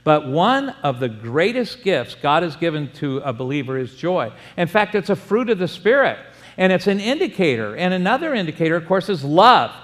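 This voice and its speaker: High-voiced preaching man in a reverberant hall. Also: normal speed. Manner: animated preaching, acts out little dialogues and jokes. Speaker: pastor. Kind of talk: sermon. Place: church sanctuary.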